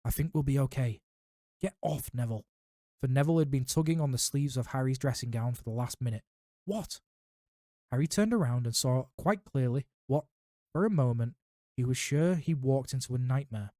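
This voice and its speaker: Man reading a story in a mellow voice. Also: mid-range voice, fairly quick, dry recording, clean studio sound. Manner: steady narration with small slips. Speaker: reader. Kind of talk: audiobook reading of a novel.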